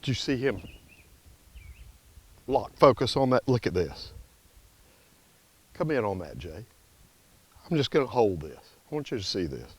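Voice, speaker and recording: A man's voice: lowish voice, sing-song, measured pace, pauses often, slightly rough. A middle-aged man, a dog trainer, explains in a casual, conversational way in his home kitchen, breaking off to give short, firm commands to a dog. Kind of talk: casual instructional vlog.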